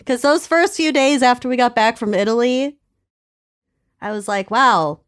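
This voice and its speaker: A woman's voice: on the high side, normal speed, clean tone. A woman co-hosting a podcast, chatting casually in a wry, teasing way. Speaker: podcast co-host. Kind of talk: casual chat.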